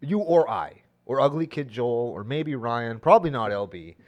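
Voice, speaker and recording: A man from Canada riffs at a studio table with his co-host, half ranting and half joking. His pitch swings up and down lively as he gets worked up. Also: normal speed, lo-fi sound. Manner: animated, ranting, jokey. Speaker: podcast co-host. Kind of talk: casual podcast chat.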